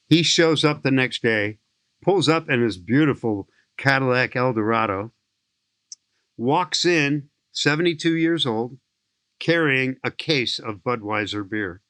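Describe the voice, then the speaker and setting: A man's voice: mid-range voice, a little slow, no room sound. Enthusiastic storytelling man in his sixties. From St. Louis, USA. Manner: enthusiastic, lively anecdotal storyteller. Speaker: podcast guest, skydiving instructor. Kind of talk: animated storytelling in an interview.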